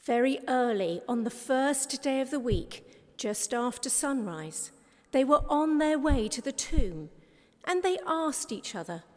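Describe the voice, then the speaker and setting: A woman reading a scripture passage aloud in a church, measured and careful. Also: high voice, expressive. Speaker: scripture reader. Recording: long church reverb.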